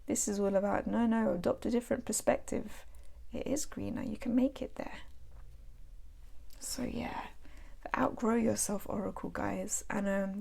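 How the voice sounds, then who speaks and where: A British woman hosts a casual vlog, showing off her tarot decks in a chatty, meandering way. Her voice sits in a middle pitch with a gravelly, creaky edge, and she keeps drifting into playful, self-deprecating asides. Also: darkish tone. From England. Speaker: tarot channel host.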